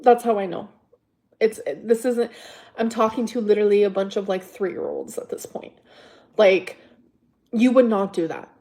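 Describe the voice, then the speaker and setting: A woman's voice: medium pitch, fairly even intonation, moderate pace, pauses often, dark tone. Exasperated woman ranting at her viewers. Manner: defensive, exasperated, profane, repeats rhetorical questions. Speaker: livestream host. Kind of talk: ranting livestream chat to viewers.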